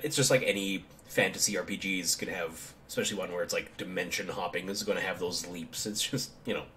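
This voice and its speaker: A man's voice: sits low, fairly bright tone, slight background noise. A man giving casual let's play commentary, chatty and reading tutorial text aloud. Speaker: gaming streamer.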